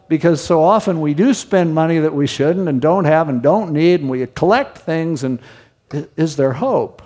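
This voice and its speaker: Speaking at a normal pace, this male pastor has a slightly high voice with a darkish tone. His expository sermon teaches the Bible in a conversational style, full of rhetorical questions, and echoes with long hall reverb.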